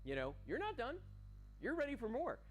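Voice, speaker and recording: A man's voice: very high-pitched, huge pitch swings, fairly quick, slight background noise, poor audio. A man hosting a live home shopping show, chatting enthusiastically while demonstrating a product, with frequent fillers. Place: TV studio. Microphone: earpiece and studio mic.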